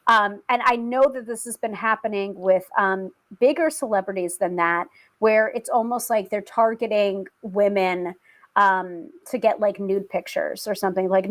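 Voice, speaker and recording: On a roughly recorded tarot live stream, a young woman with a mid-range voice talks at a moderate pace. She is chatty and casual, laughing often and using many fillers and restarts.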